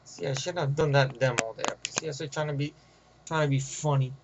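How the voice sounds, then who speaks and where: A man's voice: medium pitch, fairly quick, muffled recording, background noise. A man telling a long, rambling, profane story about a movie trip, acting out the voices, recorded on a camera mic. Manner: profane, loose, acts out every voice. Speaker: movie reviewer. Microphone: camera microphone.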